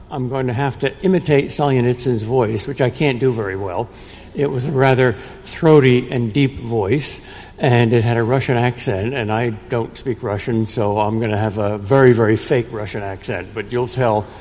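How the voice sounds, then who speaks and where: An older man giving a prepared lecture in a measured way, with a dry, wry humor. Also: medium pitch, darkish tone. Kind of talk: prepared lecture read aloud. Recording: long reverb in a large room.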